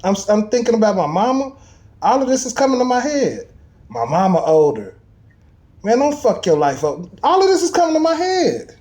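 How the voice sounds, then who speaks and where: A man in casual chat, telling a personal story with animated emphasis and street slang. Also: very high voice, normal speed.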